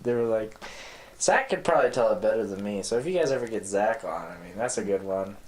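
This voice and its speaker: A man's voice: on the low side, lively intonation, quick pace. A young man, a podcast guest, telling a rambling, profane story in casual chat and laughing easily. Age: young adult. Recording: roomy echo.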